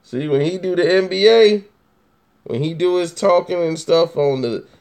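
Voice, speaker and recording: Emphatic male host, slightly high voice. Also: moderate pace, a little mellow. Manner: emphatic, repetitive, teasing. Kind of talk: casual opinion commentary.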